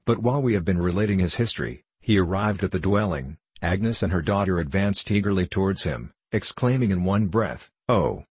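A man narrating a classic novel in a measured, formal reading voice. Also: low-pitched, a little mellow, breathy edge, no echo. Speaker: audiobook narrator.

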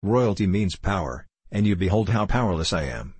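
A man's voice: low voice, animated, normal speed, a little mellow, slightly rough, no room sound. A man voicing a despairing young prisoner of royal birth who speaks in a bitter, plaintive, earnest way, in a storybook reading.

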